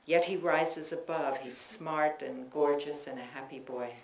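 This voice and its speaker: A woman reads her own personal essays to a live audience in a bookstore, in a measured, reflective way, with loose chatty asides between the pieces. Her voice carries an echo from the room, and a faint ambient hum sits behind it. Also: low voice. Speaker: author reading her own work. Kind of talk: public reading of personal essays.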